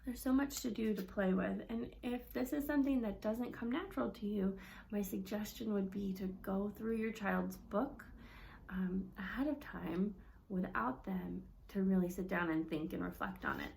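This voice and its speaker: A woman speech-language pathologist teaching parents with a children's book, animated and encouraging, often asking questions. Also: medium pitch, moderate pace, creaky, a little hiss or hum.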